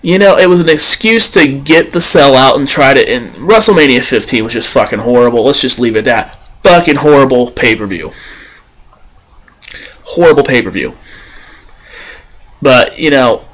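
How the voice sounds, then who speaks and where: A man's voice: mid-range voice, animated, moderate pace, pauses often, a bit bright. A man ranting bluntly and profanely as a vlogger. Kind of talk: ranting commentary.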